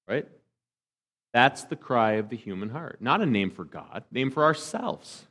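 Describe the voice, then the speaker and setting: A pastor delivering a sermon, asking the congregation rhetorical questions and dropping to a hush for emphasis. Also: male voice, medium pitch, very animated, unhurried. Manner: swings between emphatic and hushed delivery.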